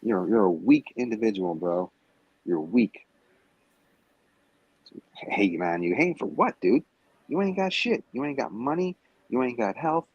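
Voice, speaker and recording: A man's voice: on the low side, lively intonation, measured pace, pauses often, a little mellow, breathy edge, no echo, muffled recording. A man in a heated livestream rant, taunting and cursing at a rival, calling in remotely. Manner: profane, confrontational, taunting. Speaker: stream guest. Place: Las Vegas.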